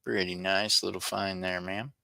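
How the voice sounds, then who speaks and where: A man, hosting a casual coin-hunting livestream and chatting to viewers, excitable over each find and quick to apologize. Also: sits low, vocal fry. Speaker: livestream host searching coin rolls.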